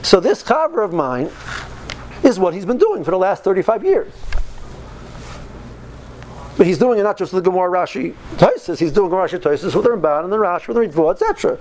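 A man's voice: high-pitched, very animated, quick pace, darkish tone, a little hiss or hum, rough recording. A man in his fifties telling stories in a casual talk, earnest and driving his points home by repeating phrases. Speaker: speaker recounting yeshiva study.

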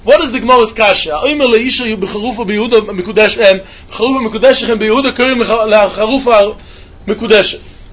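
Man, Talmud class, very high voice, sing-song questions, repeats himself. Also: fast, a bit bright, muffled recording. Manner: sing-song questioning, repeats phrases, mixes Yiddish and Hebrew terms. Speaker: Talmud teacher. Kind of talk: yeshiva-style Talmud lesson.

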